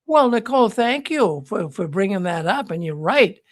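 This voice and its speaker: A man's voice: high-pitched, big pitch swings, normal speed, no room sound. A man hosting a live call-in show, talking casually and rambling through stories with many restarts. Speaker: host of a call-in livestream show.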